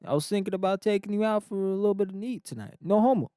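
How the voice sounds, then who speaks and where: A man voicing a brash teenage boy acting like an Italian-style mob tough, picking fights with rapid-fire taunts. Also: high voice, warm tone, smooth, dry recording, clean studio sound, pitched above the performer's own voice, lightly acted. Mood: cocky.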